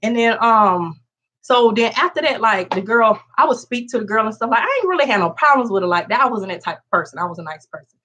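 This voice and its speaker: A woman's voice: a little high, quick pace, a little hiss or hum. A woman vlogger telling a story casually, acting out quotes in a raised voice. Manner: animated, acts out quotes in raised voice.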